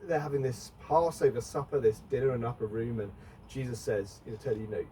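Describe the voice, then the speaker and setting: A man's voice: mid-range voice, fairly even intonation, fast talker, mellow. Middle-aged male preacher, chatty conversational sermon, mic at a distance, faint noise. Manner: chatty, asks the congregation questions. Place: church.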